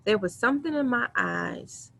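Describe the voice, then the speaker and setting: A woman's voice: a little high, animated, creaky, a bit bright, a little hiss or hum. A woman in her thirties hosting a webinar, telling her own story in an earnest, candid and emotional way over a computer mic. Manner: earnest, candid and emotional, with quick self-quotes. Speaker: webinar host. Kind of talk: webinar talk, personal storytelling.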